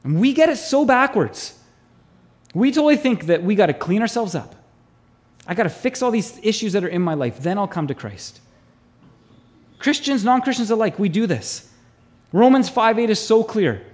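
A male pastor preaching a sermon to his congregation, animated and acting out voices in the stories he tells. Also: sits high, moderate pace, long pauses.

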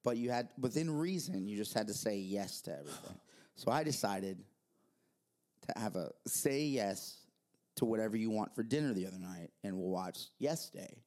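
Animated storytelling worship leader man. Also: fairly low pitch, moderate pace. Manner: animated storyteller, jokey, laughs at himself. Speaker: worship leader and youth director. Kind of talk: casual church podcast chat.

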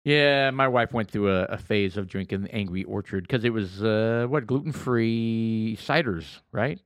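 A man's voice: fairly low pitch, a little slow, no room sound, studio quality. A man, teasing and laughing as a podcast co-host. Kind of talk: casual banter.

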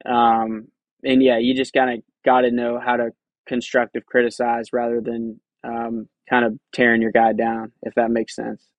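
A man who works as a tour caddy, answering interview questions in a relaxed, conversational way, often saying "you know" and "man". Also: mid-range voice, normal speed, dry recording, muffled recording. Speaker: tour caddy, podcast guest.

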